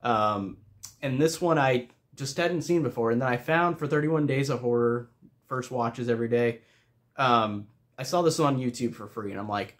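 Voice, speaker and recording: A man's voice: medium pitch, normal speed. Rambling man reviewing a film casually. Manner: rambling, with many fillers and restarts; amused and chatty.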